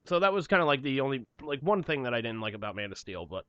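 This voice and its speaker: A man's voice: medium pitch, sing-song, fast, bright, forceful tone, no room sound. A young man co-hosting a casual podcast chat, swearing freely and acting out the people in his stories. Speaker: podcast co-host. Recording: dull lo-fi podcast mic.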